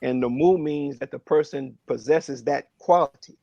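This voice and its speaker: A man speaking earnestly and reflectively on a phone prayer line, in a halting way with many fillers. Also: fairly high pitch, creaky, dark tone, no echo, highs cut off.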